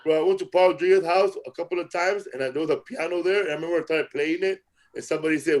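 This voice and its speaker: A man's voice: on the high side, fast. A middle-aged man hosting a comedy podcast, trading loose, joking stories with friends. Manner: loose, joking, says bro a lot. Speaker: comedian host. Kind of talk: casual podcast banter.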